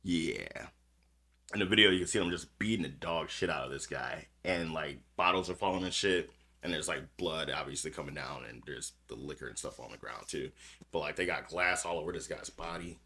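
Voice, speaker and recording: A podcast host with a bass voice, fairly quick and pushed with a bright edge, reads news stories aloud with small stumbles. He comments on them bluntly and curses plenty.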